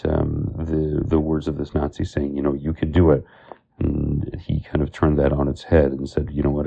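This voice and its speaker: A man's voice: very deep voice, creaky, dark tone, highs cut off. A man giving an informal Torah talk, telling stories and stopping often for fillers. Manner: storytelling with many fillers and Hebrew terms. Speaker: Torah teacher.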